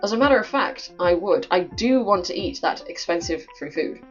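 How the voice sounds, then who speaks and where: A woman's voice: fairly low pitch, moderate pace, dull audio, faint music behind. A young woman who chats animatedly while reading aloud from a story game and commenting on it. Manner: chatty and animated, with lots of filler "like". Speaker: game playthrough host.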